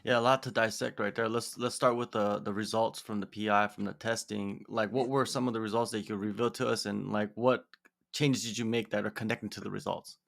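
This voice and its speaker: Gravelly-voiced male interviewer. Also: lowish voice, fairly even intonation, brisk, fairly bright tone. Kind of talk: casual interview chat.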